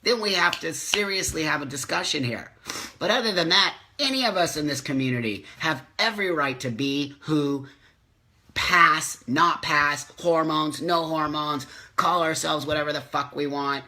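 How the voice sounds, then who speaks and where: A man's voice: on the high side, bright, forceful tone. A middle-aged man hosting a live community video chat, talking casually and reading viewer comments, passionate and emotional as he rants. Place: home, live stream.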